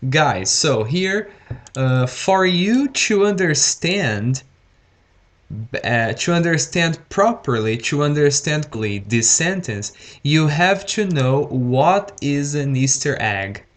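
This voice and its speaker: Slow, careful male teacher. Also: a little high, animated. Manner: deliberately slow, repeats words and says okay often. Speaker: English teacher. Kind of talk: live-streamed grammar lesson.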